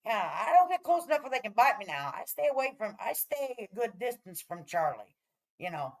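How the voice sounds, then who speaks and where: A woman's voice: on the high side, very animated, brisk, poor audio. A middle-aged woman ranting casually to her viewers in a profane, rambling, heated way, often checking in with "all right?". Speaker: vlogger. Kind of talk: casual rant to camera.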